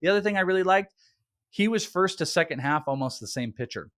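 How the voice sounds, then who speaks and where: A man co-hosting a fantasy baseball chat, reeling off stats in a quick, animated way. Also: sits high, no echo, clean studio sound. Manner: stat-heavy, quick and animated. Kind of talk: casual analytical chat.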